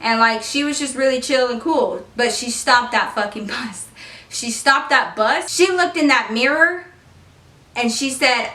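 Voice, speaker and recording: A young woman in her twenties casually telling a story on her vlog, animated and swearing freely. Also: fairly high pitch, a little slow. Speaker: beauty vlogger telling a story. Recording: echoey room, far from the mic.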